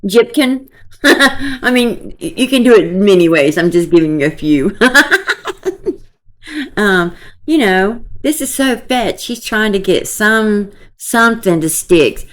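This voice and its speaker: A woman's voice: medium pitch, animated, measured pace. A woman giving casual, opinionated gossip commentary to her viewers, scornful and talking to them directly. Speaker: commentary vlogger.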